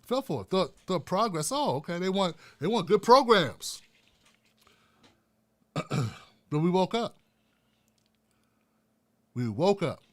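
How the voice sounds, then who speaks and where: A man's voice: high-pitched, very animated, slow, pauses often, fairly bright tone. An older man hosting a profane, fiery political rant with a preacher-like cadence. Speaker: political commentator host. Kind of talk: ranting political commentary.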